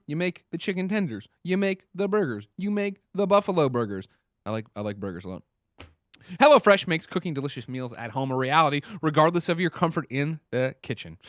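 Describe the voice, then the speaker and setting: Lively man reading a podcast ad. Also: on the high side, no room sound, studio quality. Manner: playful, animated ad-read with slips. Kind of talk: casual podcast banter.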